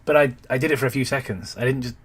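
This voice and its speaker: A man's voice: medium pitch, racing, a crowd in the background. A man giving sarcastic reaction commentary over a gameplay video, critical and swearing casually.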